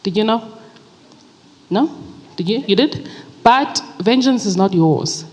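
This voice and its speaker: A woman's voice: mid-range voice, animated, slow pace, a little mellow. A woman author answers an audience question in earnest, reflective, preacherly tones. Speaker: author and guest speaker. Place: large event hall at a book fair. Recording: hall with long reverb.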